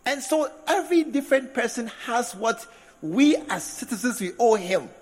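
At a moderate pace, a man gives a sermon in a bright, high voice that climbs and dips, stretching key words and slipping in laughing asides. The sound is picked up from a distance in a large hall with a congregation, echoing at length over faint music.

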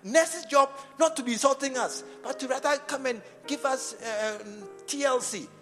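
A middle-aged man from Ghana with a Ghanaian English accent, preaching a sermon in church, repeating phrases and swinging between loud emphasis and near-whispers. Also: extremely high pitch, normal speed. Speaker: archbishop preaching. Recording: church hall reverb with faint music.

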